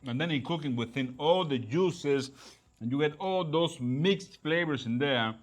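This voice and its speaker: A man's voice: on the high side, unhurried. A man hosting a casual cooking and tasting video, exclaiming over the food in loose, non-standard grammar. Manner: enthusiastic, exclaiming over flavors. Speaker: cooking show host.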